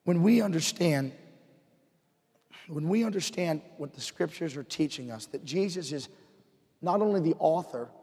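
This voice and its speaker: A man preaching a sermon to his congregation in church, dropping to a hush and then rising to fired-up emphasis. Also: a little high, slightly rough. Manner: swings from hushed to fired-up emphasis. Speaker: pastor. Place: church sanctuary. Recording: long hall reverb.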